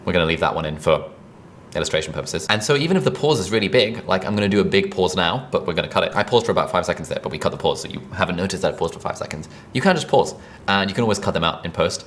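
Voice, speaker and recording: A man giving a conversational direct-to-camera tutorial on presenting, energetic and quick, recorded with a videographer. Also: low voice, slight background noise. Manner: fast, energetic, conversational delivery. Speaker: online video coach.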